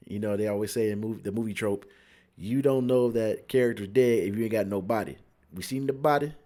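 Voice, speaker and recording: A man's voice: fairly low pitch, darkish tone. A young man from Cincinnati reviewing a movie in a casual, rambling way, repeating words and acting out his friends' lines.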